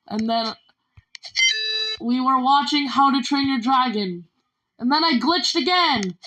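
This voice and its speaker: In her vlog, a woman tells a meandering story about her life, stringing each moment to the next with a repeated "and then." She speaks at a measured pace in a high voice. The recording sounds clipped at the top end, with a noisy background.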